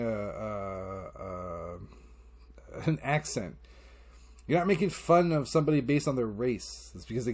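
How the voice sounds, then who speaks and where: A middle-aged man rambles through stories on his solo podcast, close to the mic. His voice sits at an ordinary middle pitch. He acts out quotes with jumps in tone and swears without a second thought. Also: a little mellow. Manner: rambling storytelling, acting out quotes, frequent swearing. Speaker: podcast host. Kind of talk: casual solo podcast monologue.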